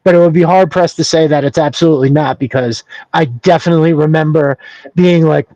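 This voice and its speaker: Reflective man with a higher voice. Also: brisk, mellow, dry recording, highs cut off. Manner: reflective, searching for words. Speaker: podcast guest. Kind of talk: casual podcast chat.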